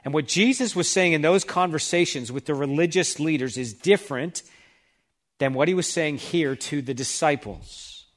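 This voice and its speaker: A male pastor delivers a sermon in a slightly higher-than-average voice. He reads scripture passages aloud with emphasis, then explains them to his listeners. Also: moderate pace.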